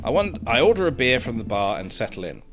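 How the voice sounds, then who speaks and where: Animated, swearing gaming streamer man. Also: mid-range voice, brisk, soft background music. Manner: animated, sarcastic, swears freely. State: hoarse throat. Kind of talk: let's play commentary, reading game text aloud.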